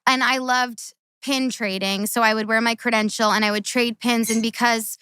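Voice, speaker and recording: A woman's voice: on the high side, fairly even intonation, normal speed, bright, forceful tone, clean tone, dry recording. A woman in her thirties, a former Olympic gymnast, tells stories in casual chat, earnest and tumbling, often repeating herself.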